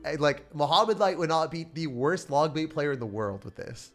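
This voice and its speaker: Excitable young man streaming gameplay. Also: a little high, normal speed. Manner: excitable, swings to loud outbursts and laughter. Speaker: streamer playing and rating decks. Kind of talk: live gameplay commentary. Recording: faint music behind.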